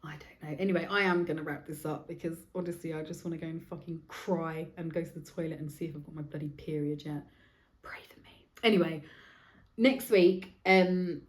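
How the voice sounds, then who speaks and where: This podcast host, a woman in her forties, has a low, steady voice and talks fairly fast in a reverberant space. She rambles frankly through a solo monologue, cursing plenty along the way.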